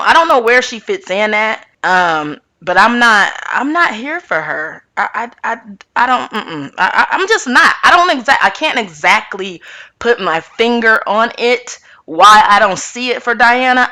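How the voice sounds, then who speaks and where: Speaking directly to her viewers, a woman gives a sassy, lively recap of a reality TV show. Her voice is a little high and her pace is normal.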